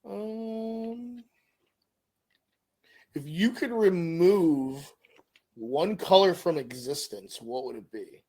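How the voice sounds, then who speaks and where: In a high-pitched voice, a middle-aged man draws out his words and pauses often while co-hosting a casual podcast. He asks questions and tells animated stories with acted-out voices.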